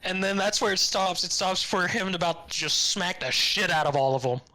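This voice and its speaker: A man's voice: high voice, moderate pace, pushed and bright, no room sound, rough recording. A man co-hosting a podcast, casually recapping an anime episode and acting out the characters' lines with sarcastic asides. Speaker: podcast co-host.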